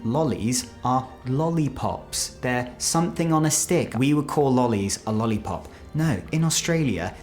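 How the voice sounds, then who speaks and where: A British man presenting an explainer video, animated and playful, sometimes dropping to a low confiding voice. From Britain. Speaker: presenter explaining Australian slang.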